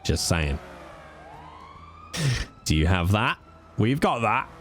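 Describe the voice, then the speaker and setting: A man's voice: fairly low pitch, sing-song, slow, fairly bright tone, a little hiss or hum. A British man who streams, talking with his viewers in a chatty, joking way. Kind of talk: casual chat with viewers.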